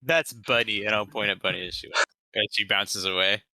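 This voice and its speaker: Bright-voiced playful male player. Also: lowish voice, normal speed, dry recording, rough recording. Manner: playful and amused.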